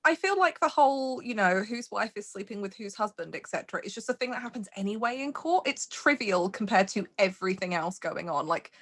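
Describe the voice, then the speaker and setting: A woman's voice: mid-range voice, lively intonation, fairly quick, hardly any pauses, a bit bright. A woman chatting playfully with fellow players about their characters after a tabletop game session. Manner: playful, laughs often. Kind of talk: casual chat.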